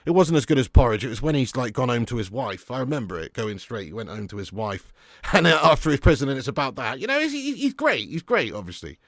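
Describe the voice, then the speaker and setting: A young man hosting a live football watch-along, chatting casually and answering viewer comments between bursts of excitement at the match. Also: mid-range voice, quick pace, no echo, studio quality.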